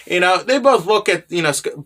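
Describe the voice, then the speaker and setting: A man's voice: high-pitched, expressive, a little fast, fairly bright tone. A man casually recapping a manga chapter, rambling loosely with lots of fillers and tag questions, and dropping sarcastic asides. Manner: filler-heavy, keeps tagging "right?" and "you know".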